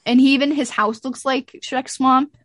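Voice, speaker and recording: A woman's voice: high-pitched, normal speed, no room sound, clean studio sound. A woman co-hosting a podcast, chatting casually and animatedly retelling scenes. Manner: animated recapping, acts out lines from scenes. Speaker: podcast co-host. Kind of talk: casual chat.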